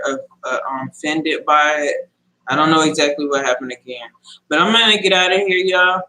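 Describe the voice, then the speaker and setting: A man's voice: on the high side, pushed and bright, low-quality recording. A man hosting a casual livestream and speaking straight to his viewers. He talks in an earnest, hesitant way, stopping often and restarting his sentences. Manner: addresses viewers directly and reads out chat comments. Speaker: livestream host. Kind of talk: casual live-stream sign-off talk.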